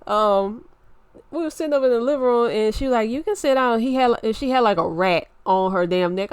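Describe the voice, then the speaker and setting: A woman with a Louisiana accent telling a story in an animated, indignant rant, muttering one moment and raising her voice the next. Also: fairly high pitch, fairly quick, clean tone, dry recording. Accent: Southern US, Louisiana. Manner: animated, indignant, swings between muttering and raised voice. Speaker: vlogger.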